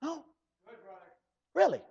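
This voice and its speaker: A man preaching a fiery sermon, breaking into shouts and slow drawled asides and calling out to the congregation. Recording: dull lo-fi church recording.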